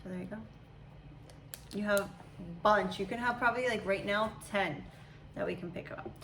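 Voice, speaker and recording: A woman in her thirties, a mother chatting casually with her daughter, talking in long, animated, meandering stretches. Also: medium pitch, moderate pace, a little hiss or hum, poor audio. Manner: chatty, animated storytelling with imitations. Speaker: mother, channel host. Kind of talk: casual chat.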